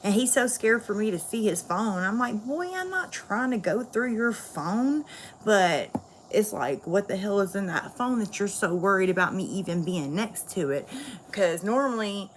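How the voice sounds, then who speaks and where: A woman's voice: medium pitch, a little hiss or hum. A woman venting bluntly and candidly to viewers in a casual livestream chat.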